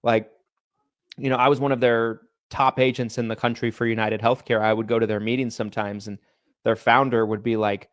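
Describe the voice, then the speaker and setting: A man co-hosts a podcast in a casual chat, telling stories with animation and acting out the people he quotes. His voice is medium-pitched and a little fast, recorded dry with clean studio sound.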